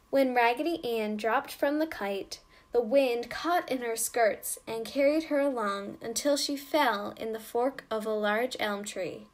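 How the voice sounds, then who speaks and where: A woman reading a children's story aloud with slow, gentle storybook narration. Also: a little high.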